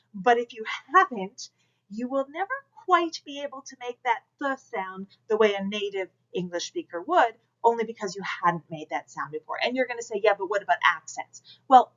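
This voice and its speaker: A woman's voice: mid-range voice, a bit bright, dull audio. A woman instructor giving a recorded class lecture, talking straight to students and coaching them through exercises. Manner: direct, coaching, demonstrates projection aloud. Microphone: camera mic.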